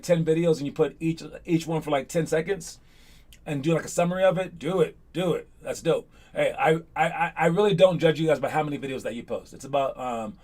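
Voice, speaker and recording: A fairly high-pitched man talks to his basketball students in a loose, motivational way. He is energetic and chatty, and he keeps checking in with a quick "all right?" as he goes. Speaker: basketball coach. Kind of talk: casual motivational talk to students.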